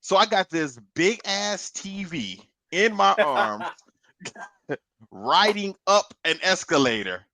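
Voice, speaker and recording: A man on a podcast telling a long story in a casual, animated way, swearing and laughing as he goes. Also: high-pitched, slow pace, a crowd in the background. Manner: animated, profane, laughs through his story. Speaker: podcast co-host.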